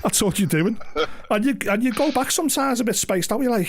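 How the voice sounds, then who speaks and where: A man's voice: brisk, no echo. A man chatting casually and acting out quotes as he tells work stories. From England. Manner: animated storyteller who acts out quotes in higher voices. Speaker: streamer chatting with a friend. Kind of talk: casual chat.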